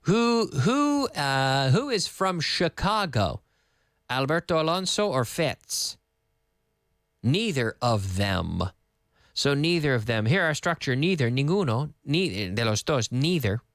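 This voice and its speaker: A man teaches a live English lesson, firing off questions and answering them himself. His pitch swings widely from high questions to low answers. The studio sound is close and dry. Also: slow pace, dry recording. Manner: lively, quizzing with questions and answers. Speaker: English teacher, radio host. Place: radio studio.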